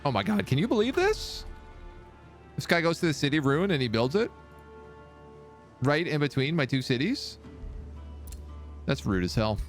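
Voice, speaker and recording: A young man streaming a strategy game with casual, excitable live commentary. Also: on the high side, normal speed, long pauses, soft background music. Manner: casual, excitable, baby-talks to his cat.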